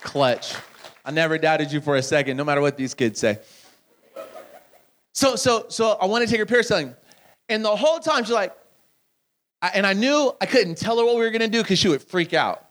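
A man's voice: high voice, a little fast, pauses often. A man speaking at a camp, telling a joking story in a sermon and bantering with the audience, calling people up to help. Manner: animated, joking, calls people up on stage. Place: camp gathering, live audience. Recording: clear music playing behind the voice.

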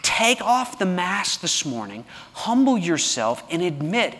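A man preaching a sermon as pastor, with a dry, sarcastic humor, swinging between hushed moments and loud, passionate delivery. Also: high-pitched, big pitch swings, unhurried, hardly any pauses. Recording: long reverb of a large hall.

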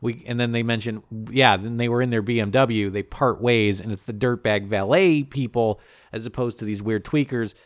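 An animated man talks through a movie plot with a friend, jumping into quick character voices and swearing for laughs. His voice sits at an average pitch and sounds close and dry, with no room around it. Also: dry recording. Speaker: podcast co-host recapping a movie. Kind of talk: casual comedic chat.

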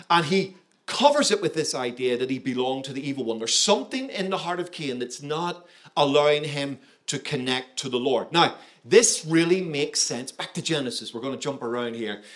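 Male pastor, sermon delivery, slightly raised pitch, punchy and interactive with the congregation. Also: a bit bright. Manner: emphatic, engaging, asks the audience questions.

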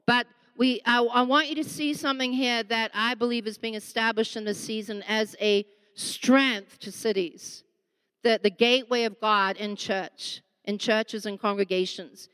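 A woman's voice: on the high side, fairly even intonation, a bit bright, smooth. Impassioned woman preaching in a hall. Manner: impassioned, emphatic, slows down to stress words. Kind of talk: sermon. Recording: long reverb of a large hall.

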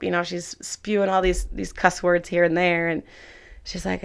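A woman's voice: lowish voice, normal speed, gravelly, clean tone. A young woman casually telling a faith story, acting out quoted dialogue with lots of "like". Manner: animated, acts out quoted dialogue, many "like"s.

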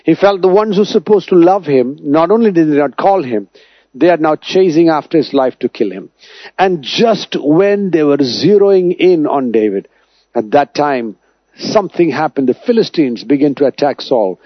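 Man preaching with swooping dramatic pitch. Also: animated, normal speed, no echo, dull audio. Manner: dramatic preaching, rising and falling sharply in pitch and volume. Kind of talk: sermon.

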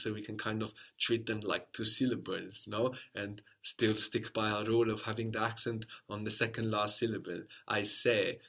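A man's voice: fairly low pitch, fairly bright tone. A man teaching a language lesson, patiently explaining step by step and modeling phrases for a learner to repeat.

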